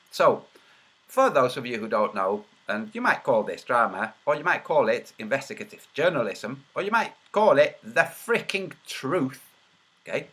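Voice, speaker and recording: Lively bright-voiced man muttering. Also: medium pitch, moderate pace, breathy edge. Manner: mutters while searching, then mocking and sarcastic. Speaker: video host. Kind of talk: casual livestream commentary.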